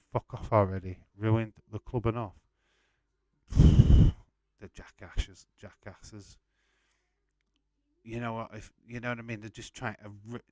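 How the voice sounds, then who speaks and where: With a voice on the low side and no room sound, a man hosts a laid-back live watch-along stream. His talk is loose and rambling, full of swearing and restarts.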